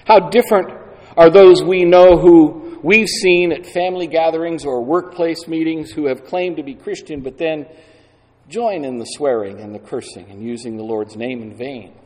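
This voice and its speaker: A man preaching a sermon slowly and deliberately, leaning on key words for dramatic emphasis. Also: a little high, a little mellow. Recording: long hall reverb.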